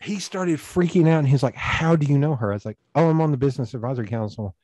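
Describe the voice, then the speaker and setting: Man, warm mellow voice, dry close sound, rambling anecdotes with acted-out dialogue. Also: on the high side, quick pace, no echo. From East Tennessee, USA. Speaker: podcast guest. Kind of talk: casual storytelling conversation.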